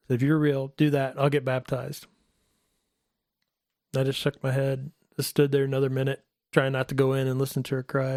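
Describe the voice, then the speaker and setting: A middle-aged man telling a personal faith story in a casual talk, animated and acting out the voices of the people in it. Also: no echo, studio quality. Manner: animated, acts out quoted voices in a higher pitch. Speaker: guest telling his testimony.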